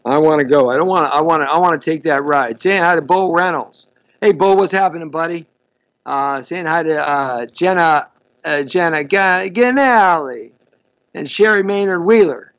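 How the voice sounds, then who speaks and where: A man's voice: fairly high pitch, normal speed, a bit bright, low-quality recording. A man hosting a live show, chatting casually, stumbling over and repeating words and greeting viewers by name. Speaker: host. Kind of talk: casual live-stream chat.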